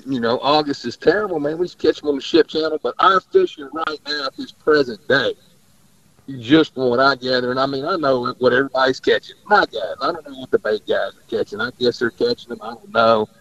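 A man's voice: mid-range voice, animated, a little fast, gravelly, fairly bright tone, no echo. A man, a fishing guide rambling through stories in casual radio chat and laughing often. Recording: dull lo-fi radio audio.

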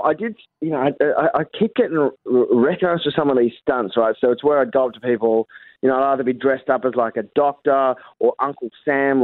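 A man with an Australian accent telling stories as a comedian guest, with animated delivery and frequent stammering restarts. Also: medium pitch, no room sound. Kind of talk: phone interview chat. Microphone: phone call. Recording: tinny phone line.

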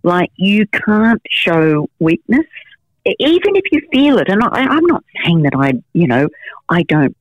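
As a guest in an interview, a middle-aged investigative journalist tells frank stories, often using fillers and restarting sentences. Her medium-pitched voice is sing-song and measured in pace. The audio is dull, with no room sound.

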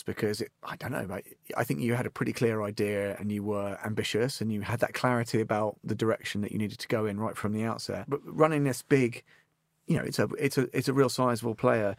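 A man's voice: lowish voice, brisk, no room sound. Upbeat man hosting a business show. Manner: polished, upbeat presenter with food puns. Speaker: podcast host. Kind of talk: scripted intro and interview questions.

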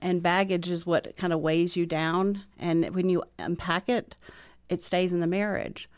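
A woman with a lower pitch for her sex speaks softly and earnestly as an interview guest. Her voice is captured close and dry in a studio. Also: little pitch movement, unhurried, clear, resonant tone, dry recording. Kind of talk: personal testimony.

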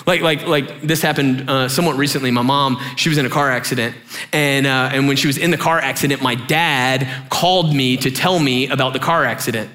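A young adult man preaching a sermon as pastor, conversational and animated, using many fillers and acting out voices. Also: fairly quick. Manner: animated, conversational, acts out voices with big pitch jumps; filler-heavy, says "like" often.

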